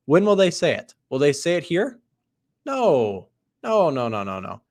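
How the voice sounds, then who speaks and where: Animated male trading livestreamer. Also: a little high, unhurried. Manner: conversational, asks "right?" often; animated, emphatic, loud bursts. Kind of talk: live market commentary.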